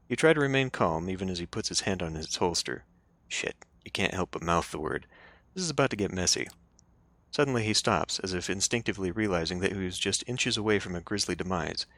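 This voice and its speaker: A man's voice: deep voice, a bit bright, dry recording. A man playing a story game, reading its narration aloud and breaking off into casual joking asides. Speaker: let's play streamer.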